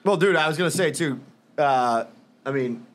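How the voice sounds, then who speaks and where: A man's voice: a little high, animated, moderate pace. A man hosting a podcast, talking casually and enthusiastically with plenty of swearing, including loose sponsor plugs. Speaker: podcast host. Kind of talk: casual chat.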